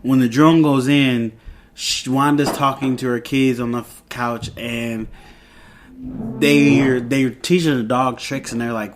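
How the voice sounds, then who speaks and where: A man's voice: mid-range voice, steady tone, a little slow, a little hiss or hum. A man recapping a TV episode in a casual, rambling way, with lots of fillers and restarts. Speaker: TV reviewer.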